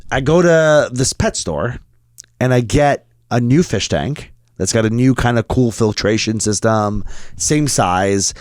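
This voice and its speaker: A man in his thirties, co-hosting a podcast, telling a story in casual chat, animated and profane, acting out what people said. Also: mid-range voice, measured pace, no echo, clean studio sound. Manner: animated, profane, acts out quotes. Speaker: podcast co-host.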